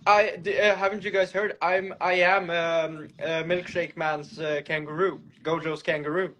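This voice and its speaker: A man's voice: a little high, fairly even intonation, normal speed, fairly bright tone, dull audio. A man chatting playfully as a guest on a livestream video call over a phone, cracking jokes. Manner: playful, jokey. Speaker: guest singer.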